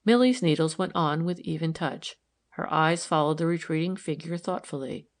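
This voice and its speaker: Woman narrating an audiobook, lower voice. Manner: even, measured reading. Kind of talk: scripted narration.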